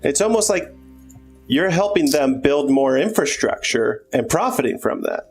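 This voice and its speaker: A man's voice: on the high side, expressive, moderate pace, soft background music. A man playing a tabletop role-playing game, asking probing questions in character. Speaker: player.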